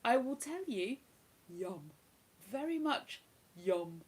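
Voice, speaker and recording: A woman's voice: on the high side, very animated, slow, slightly rough, rough recording. A woman hosting a livestream, chatting casually and reading out viewer comments with frequent exclamations. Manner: chatty, exclamatory, lots of "ooh". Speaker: livestream host.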